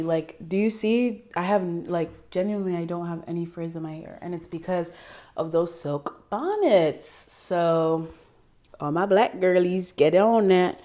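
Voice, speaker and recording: A woman's voice: fairly low pitch, mellow. A young woman chatting to camera in a casual vlog, bubbly and giggly, with lots of fillers, recorded indoors at home. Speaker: vlogger.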